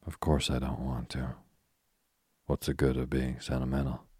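A man's voice: very deep voice, slightly rough, no room sound, studio quality. A man reading as a frank young woman. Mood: wistful. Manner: soft, even, unhurried reading.

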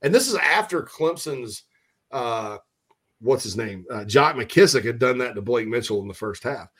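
This is a man hosting a relaxed sports talk show. He rambles, cracks jokes and fills his talk with "uh" and restarts. His pitch sits in a middle range for a man. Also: moderate pace. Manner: rambling, jokey, many fillers and restarts. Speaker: sports radio host.

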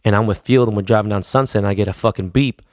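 A man's voice: lowish voice, racing, a little mellow, no echo, studio quality. A man, a DJ telling stories casually in profane, laid-back street slang. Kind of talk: casual storytelling.

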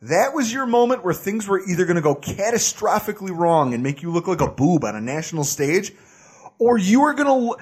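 A man with a high, husky voice tears into the topic on a casual sports podcast. His delivery is animated and full of laughter, swooping up and down in pitch as he rants. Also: brisk. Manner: animated, ranting, laughs often.

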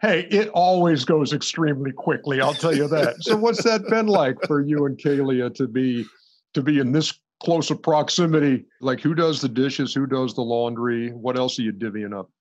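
A man co-hosting a chat show, playful and quick with quips. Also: mid-range voice, lo-fi sound. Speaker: co-host. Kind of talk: casual chat.

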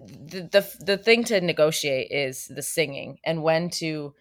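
Low-voiced actress in casual chat. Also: female voice, measured pace. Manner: chatty, many fillers and restarts. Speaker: stage actor, interview guest.

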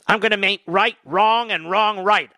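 A man's voice: high-pitched, unhurried, sharp tone, no room sound, studio quality. Urgent male political ad announcer. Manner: urgent, emphatic. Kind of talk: scripted political ad read.

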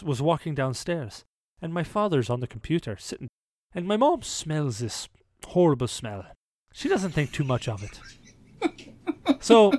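A man's voice: fairly high pitch, darkish tone. A man with a slightly raised voice hosts a podcast, telling a funny story in a loose, casual way. He laughs often and trips over his own words as he restarts each thought. His voice sounds dry and close, with no room echo. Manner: laughs often, stumbles and repeats words when starting a thought. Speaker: podcast host.

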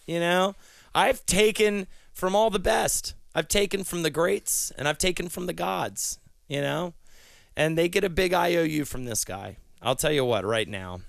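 Rambling profane comic host, raised voice with gravel, smooth and dry. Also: male voice, a little high, expressive, a little slow, no room sound. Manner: rambling, profane, erupting into yelling. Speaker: comedic monologue host. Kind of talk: absurd crude rant.

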